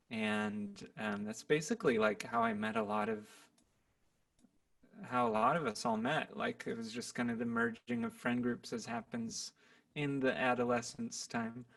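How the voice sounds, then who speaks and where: Slow-talking man with a gravelly voice. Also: medium pitch. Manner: relaxed, rambling, laughs easily. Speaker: podcast guest, musician. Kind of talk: casual podcast chat. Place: home recording room.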